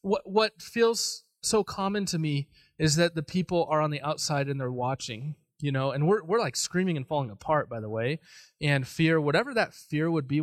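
A man preaching a sermon, telling a personal story in an animated, self-deprecating way. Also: fairly high pitch, dry recording. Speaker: pastor.

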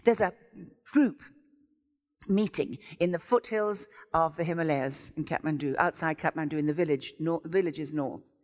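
A woman's voice: deep voice, normal speed, darkish tone. A woman preaching a sermon as a visiting speaker, telling stories with enthusiasm and exclamations. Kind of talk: sermon with storytelling. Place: church sanctuary. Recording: long church-hall reverb.

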